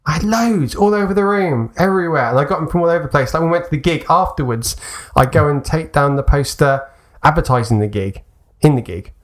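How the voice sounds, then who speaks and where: A man's voice: on the high side, animated, fairly quick, few pauses. A man co-hosting a casual chat show, telling anecdotes and laughing often as he goes. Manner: chatty, laughs a lot, puts on voices for anecdotes. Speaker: podcast co-host.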